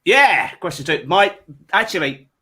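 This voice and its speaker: A man's voice: high voice, big pitch swings, measured pace, sharp tone, slightly rough. A man hosting a comedy panel show over a video call, chatting casually and reading out viewer messages with plenty of fillers.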